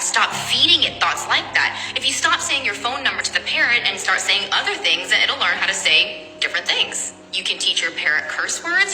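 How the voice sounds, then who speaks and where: A woman giving an emphatic, direct motivational speech. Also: mid-range voice. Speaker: motivational speaker. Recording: reverberant hall, soft music.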